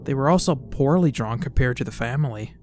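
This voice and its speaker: A man's voice: medium pitch, expressive, brisk, a little mellow, slight background noise. Exasperated, stammering man reading creepypasta. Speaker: creepypasta reviewer. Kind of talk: comedic reading with commentary.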